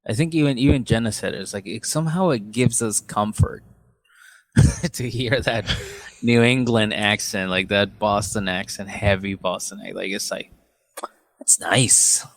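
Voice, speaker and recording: A man's voice: fairly low pitch, fairly even intonation, moderate pace. A man co-hosting a podcast in casual chat, laid-back and profane, often acting out quotes. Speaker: podcast co-host and stand-up comedian. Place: in or near Nashville.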